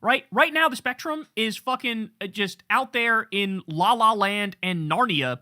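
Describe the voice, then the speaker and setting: A man's voice: high-pitched, unhurried, pushed and bright, no room sound, studio quality. A middle-aged man hosting a political commentary show, ranting with profanity and mocking impressions of his opponents.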